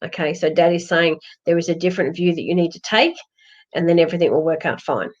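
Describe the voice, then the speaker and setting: A woman's voice: on the low side, quick pace. A woman giving psychic readings on a live stream, reassuring and rambling, with many fillers and restarts. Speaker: psychic medium. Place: home, during a lockdown. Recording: dull lo-fi livestream audio.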